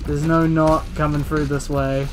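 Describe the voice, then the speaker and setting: A man's voice: a little high, level tone, unhurried. A man streaming a video game, chatting casually and sarcastically while he plays. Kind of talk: casual let's-play commentary. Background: game music.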